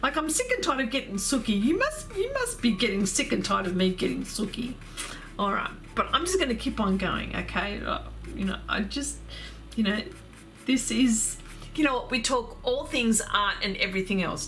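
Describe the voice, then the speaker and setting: A woman, hosting an art livestream in casual chat, effusive and quick to laugh while reading viewer comments aloud. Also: on the high side, expressive, fairly bright tone.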